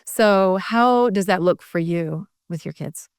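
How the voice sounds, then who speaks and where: A woman's voice: fairly low pitch, slow pace, smooth, no room sound, clean studio sound. A woman hosting a podcast interview, asking questions and affirming her guest. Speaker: podcast host. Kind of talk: conversational interview.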